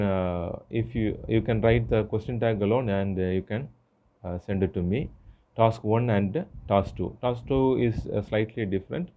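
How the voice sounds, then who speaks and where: A man teaching an English grammar lesson, explaining step by step with frequent pauses and fillers. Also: on the low side, narrow, tinny audio, a little hiss or hum. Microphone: phone screen recorder.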